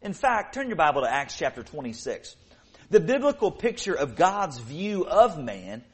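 High-voiced man preaching earnestly. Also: very animated. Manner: earnest preaching, slows and swells to stress scripture. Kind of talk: sermon.

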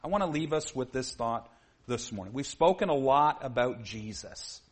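A man's voice: medium pitch, animated, normal speed. A man preaching a sermon to his congregation, earnest, often saying "you see", sometimes building to emphatic peaks.

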